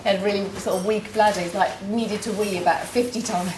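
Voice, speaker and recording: A middle-aged English woman telling stories in casual, animated chat with other housemates. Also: mid-range voice, brisk, noisy background. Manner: chatty, animated storytelling. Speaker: reality show housemate. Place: shared house kitchen, indoors. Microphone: distant room mics. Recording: echoey room, loud kitchen clatter. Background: clattering dishes and cutlery.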